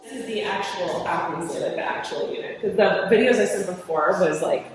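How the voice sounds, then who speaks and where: A woman's voice: lowish voice, brisk, heavy reverb, long reverb tail, recorded from a distance. A woman giving a casual, bubbly tour of an empty house, with music playing over it.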